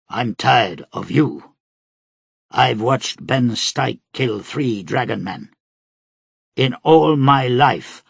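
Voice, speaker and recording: A man's voice: medium pitch, creaky, breathy edge, dry recording, studio quality, heavily acted. A man playing a weary, proud warrior. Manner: slow, tired and measured.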